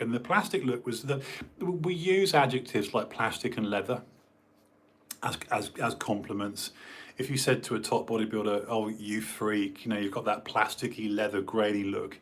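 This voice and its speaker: A man's voice: fairly low pitch, a bit bright. A man and former bodybuilder, chatting casually in a rambling way, full of fillers and restarts. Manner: meandering, many fillers and restarts. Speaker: former competitive bodybuilder hosting a stream.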